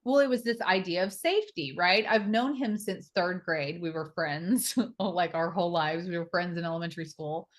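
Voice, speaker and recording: A woman's voice: lowish voice, normal speed, hardly any pauses. A woman in her thirties, a podcast guest, telling her personal story openly and emotionally, with fillers and the odd swear word. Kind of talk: candid personal interview.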